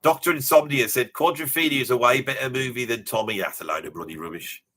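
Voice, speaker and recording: A man's voice: mid-range voice, fast, bright, forceful tone. A man with a Birmingham accent voicing a boastful older rocker who rambles through tall tales in a comic live reaction, full of asides and mock indignation. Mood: rambling. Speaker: live reaction streamer in character.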